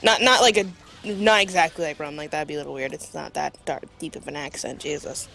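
A woman's voice: sits low, brisk, creaky, fairly bright tone. A woman chatting and teasing in casual gaming voice chat. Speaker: friend in voice chat.

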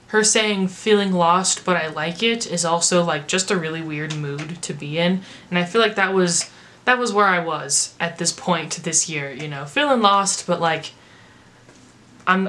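An American woman in a rambling, chatty vlog voice, pitched a touch low for a woman. She reviews music casually and leans on filler words. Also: bright, forceful tone.

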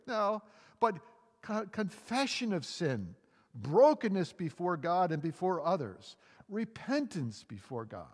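A male pastor with a New England accent delivers a sermon in a slightly high voice, ringing out through a church sanctuary with a long reverb tail. He preaches with energy, swinging between emphatic lines and softer scripture reading, and acts out the quotes. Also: very animated, measured pace.

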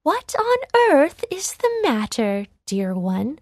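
A woman voicing a gentle, kind fairy godmother in a children's storybook reading, speaking softly and kindly. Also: a little high, wildly swooping pitch, slow, dry recording, clean studio sound, full character voice. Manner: soft and kindly.

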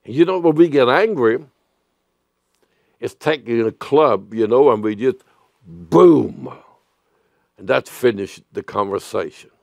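A male pastor delivers a sermon in a slow, deliberate way, circling back over his phrases and now and then bursting out loudly. His voice has a gravelly, creaky edge. The recording is dry and close. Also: medium pitch, expressive, no echo. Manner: earnest preaching with sudden loud outbursts.

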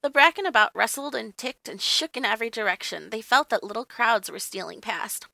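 A woman reading a classic children's story aloud, in a gently expressive storytelling manner. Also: a little high, fairly quick, creaky, no echo. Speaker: reader. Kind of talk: audiobook narration.

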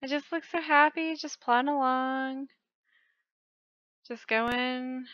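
A woman hosting her own channel, giving casual game commentary in an excitable way, often breaking into gasping exclamations. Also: sits high, unhurried, smooth, dry recording. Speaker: channel host. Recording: dull lo-fi dry recording.

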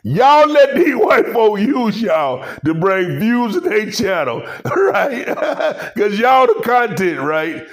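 A man giving a comedic sports commentary rant, mocking and animated, laughing between lines. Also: high-pitched, takes it slowly, hardly any pauses. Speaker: commentary host.

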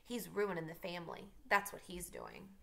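A woman's voice: on the low side, huge pitch swings, moderate pace, gravelly, sharp tone, exaggerated voice. A woman voicing a smug, tattling young boy cousin in a read-aloud novel, with a sly, taunting manner. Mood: sneering.

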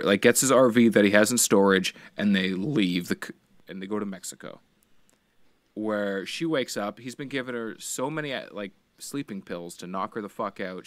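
Male podcast co-host, low voice, rambling casual storyteller, profane, dry sound. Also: no echo. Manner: rambling storyteller, swears freely, acts out quotes. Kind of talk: casual chat.

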